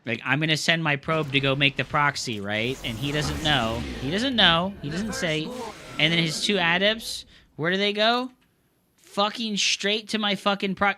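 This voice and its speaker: A man's voice: fairly high pitch, moderate pace, bright, forceful tone. A young man streaming live game commentary, ranting with frustration and cursing constantly in loose slangy gamer talk. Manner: frustrated ranting, heavy swearing.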